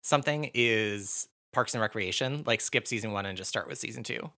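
A man's voice: on the low side, a little fast, sharp tone. A man co-hosting a podcast, chatting casually in a playful, self-deprecating way and laughing often. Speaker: podcast co-host. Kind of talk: casual chat.

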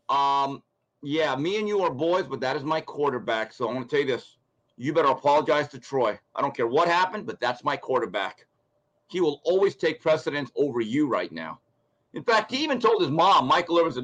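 A man's voice: on the high side, sing-song, brisk, fairly bright tone, rough recording. A man giving blunt, ranting sports commentary as a show guest, acting out quotes from others. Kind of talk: opinionated sports talk.

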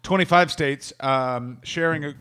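A Canadian man, a stand-up comedian co-hosting a casual comedy podcast, talking fast and profanely. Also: fairly high pitch, pushed and bright, clear, resonant tone. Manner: fast, profane, riffing into silly voices.

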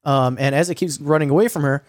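A young man telling a story in casual chat, swearing a lot and filling his talk with "like" and "um," sometimes acting out quoted lines in a higher voice. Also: fast talker, no echo, studio quality. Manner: profane, rambling storytelling with many fillers; acts out quoted lines with a raised voice. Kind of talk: casual recap of a streamed game.

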